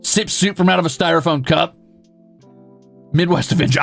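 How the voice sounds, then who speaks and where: Young male streamer host, gravelly and a bit high-pitched, quick to launch into swearing mock rants. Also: soft background music. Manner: ranting, profane, mock-exasperated. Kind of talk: casual chat reading viewer messages.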